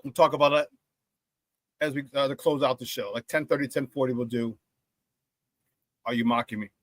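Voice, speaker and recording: A man hosting a live-streamed sports talk show, reading viewer chat in an excitable, hyped way, laughing often and using slang. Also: medium pitch, brisk, no room sound.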